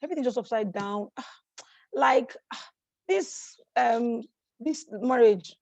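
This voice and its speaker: A woman voicing a tired, resigned wife in an unhappy marriage, speaking flatly and trailing off. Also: a little high, a little slow, dry recording. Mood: weary.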